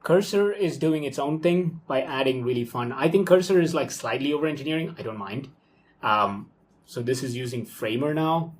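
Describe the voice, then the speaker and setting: A young man talks through his work live at his desk. His voice sits at a middle pitch, loose and excitable. He thinks aloud, filling gaps with okays and ums. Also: normal speed. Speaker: software developer talking through his workflow. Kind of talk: casual live screen-recorded walkthrough.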